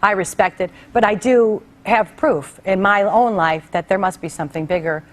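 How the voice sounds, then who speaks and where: A woman's voice: medium pitch, moderate pace. A middle-aged woman talk show host telling a heartfelt personal story in a conversational way, acting out the people she quotes. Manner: conversational, animated quoted voices.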